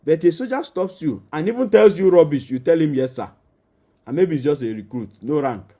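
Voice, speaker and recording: A Nigerian-accented marriage counselor speaks in a fairly high, mellow voice, brisk and with lively intonation. His teaching is emphatic, speaking straight to the listener and repeating key phrases.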